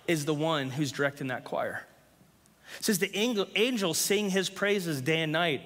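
A pastor preaches an impassioned, emphatic sermon to a live congregation in a church hall. His voice is a little high and a bit bright. The hall gives the recording a long reverb.

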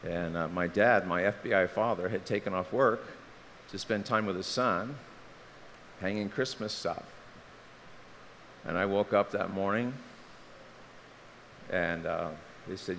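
A middle-aged man from Maryland preaching a sermon, an animated storyteller who tosses in joking asides. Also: fairly low pitch, measured pace, pauses often. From Maryland, USA. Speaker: pastor. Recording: reverberant hall, faint hiss.

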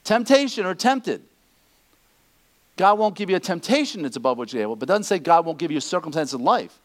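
A man preaching a sermon, animated, acting out the people he quotes. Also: a little high, brisk. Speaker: pastor.

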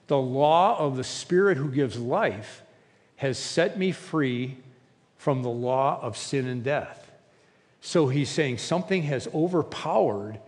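Male pastor, mid pitch, casual sermon delivery with restarts, church hall reverb. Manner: conversational, acts out quoted lines with restarts.

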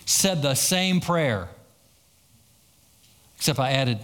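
A man's voice: on the high side, animated, moderate pace. A man preaching a sermon as pastor, telling stories and acting out quoted lines with a lot of repetition. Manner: storytelling with acted-out quotes and repetition.

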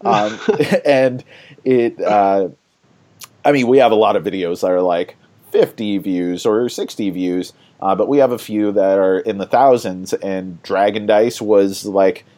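Low-voiced guy rambling on a board game podcast, lots of ums and laughs. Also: a little slow, dark tone. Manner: rambling, chatty, laughs often, many fillers. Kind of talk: casual podcast chat.

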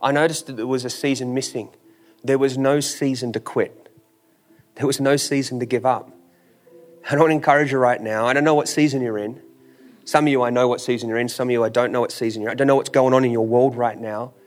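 A man's voice: medium pitch, fairly even intonation, a little fast. A man preaching a sermon with an emphatic, repetitive cadence, full of rhetorical questions and casual phrasing. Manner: informal, drops into "ain't". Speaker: pastor.

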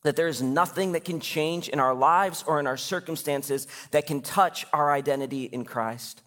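A man in his thirties preaching a sermon in a church in a lively, conversational way with casual asides. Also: fairly high pitch, normal speed, in a large hall. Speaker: pastor. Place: church sanctuary.

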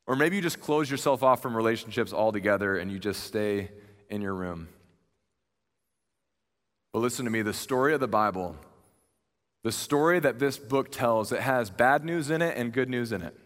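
A man's voice: mid-range voice, moderate pace, pauses often. Earnest young male preacher in a hall. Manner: conversational and earnest, animated retelling. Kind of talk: sermon. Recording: long reverb of a large hall.

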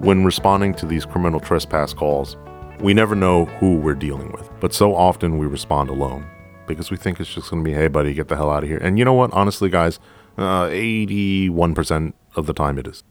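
A man hosting a podcast, a police officer telling a story from the job in a profane, animated way, acting out both sides of the dialogue. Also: sits low, a little fast, soft background music. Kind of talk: storytelling monologue.

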